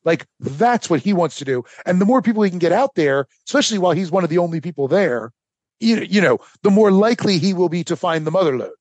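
High-voiced guy rambling thru a history story, husky, dry close mic. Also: fast, no room sound. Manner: animated storytelling with many fillers. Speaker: podcast co-host. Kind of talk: casual history podcast chat.

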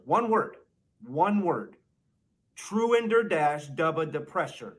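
A man narrating a mock language lesson, slowly sounding out made-up words. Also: on the high side, animated. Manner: slow, exaggerated spelling-out of made-up words.

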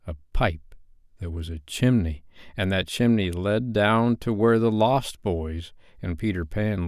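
Deep-voiced man reading a bedtime story. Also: darkish tone, no room sound, clean studio sound.

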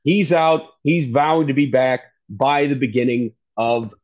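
A man talking baseball casually as the show's analyst, quick and chatty, often correcting himself. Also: medium pitch, a little mellow, dull audio. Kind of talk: casual sports talk.

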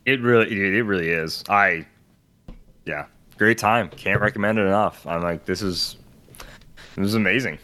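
A man's voice: lowish voice, moderate pace, long pauses. A young man co-hosting a podcast, chatting casually and acting out the people in his stories. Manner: animated storyteller, acts out quoted people. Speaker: podcast co-host. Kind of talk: casual chat.

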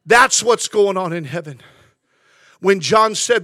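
A man preaching a sermon as pastor, building from quiet reflection to passionate shouting with lots of repetition. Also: high-pitched, animated, takes it slowly, long pauses, no echo. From California.

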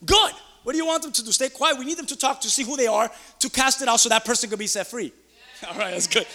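Excitable high-voiced male preacher. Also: fast, in a large hall. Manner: excitable, swings between loud outbursts and quiet asides. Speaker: pastor. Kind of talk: sermon. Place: church.

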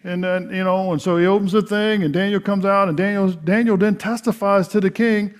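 A man's voice: sits high, steady tone, fairly quick, few pauses. Folksy man preaching with rising intensity. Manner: folksy storytelling, acts out biblical dialogue; swings from loud emphatic to hushed earnest. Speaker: pastor. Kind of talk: sermon.

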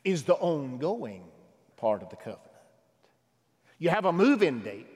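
A man preaching a sermon who swings from loud exhortation to hushed, intimate asides. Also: fairly high pitch, big pitch swings, unhurried, pauses often, in a large hall.

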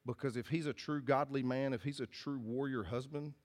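A man preaches to his congregation at a middling pitch, earnest and folksy in manner. He doubles back, restarts his phrases and repeats them as he leans into each point. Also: steady tone, brisk. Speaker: pastor. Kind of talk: sermon. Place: church hall with congregation.

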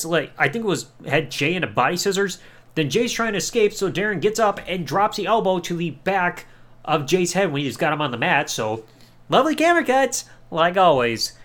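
Dude hosting a podcast, kinda high voice, sarcastic and swears a lot. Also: male voice, fairly bright tone. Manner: sarcastic, mocking, swears casually. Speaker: podcast host. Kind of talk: casual podcast review.

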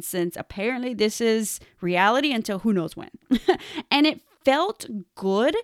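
A young woman tells her own story with candor, often breaking into laughter and acting out her own past words. She speaks at a slow, unhurried pace in a smooth, clear voice. The sound is dry and close. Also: mid-range voice, dry recording. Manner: candid, laughs often, quotes herself. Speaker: speaker telling a personal story. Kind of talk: personal storytelling talk.

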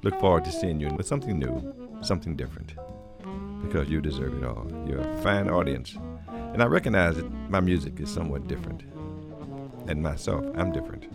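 Male radio host, very deep and gravelly, folksy and halting, lively swoops in pitch. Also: loud music behind the voice. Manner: folksy, halting, with repeated thanks and blessings. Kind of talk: casual music-show hosting.

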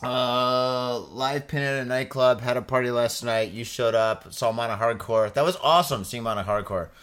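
A man co-hosting a podcast in casual chat, excitable, laughing often and swearing freely. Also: medium pitch, normal speed, smooth. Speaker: podcast co-host. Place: Tokyo.

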